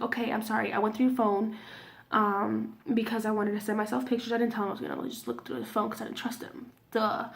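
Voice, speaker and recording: Candid gravelly-voiced young woman vlogger. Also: fairly high pitch. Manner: candid, swears freely, drops to near-whispers. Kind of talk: casual storytime.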